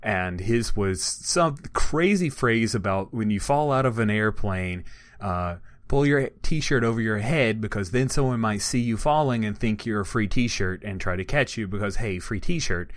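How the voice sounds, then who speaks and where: A man's voice: fairly low pitch, lively intonation, measured pace. A man on a podcast who talks in casual chat, telling anecdotes in an easygoing way with frequent chuckles and fillers.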